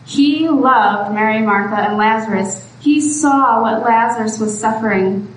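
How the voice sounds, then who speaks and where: A woman's voice: a little high, a little slow. A woman preacher giving a sermon in an earnest, pleading way that rises to exhortation. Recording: echoey room from far off, faint background noise.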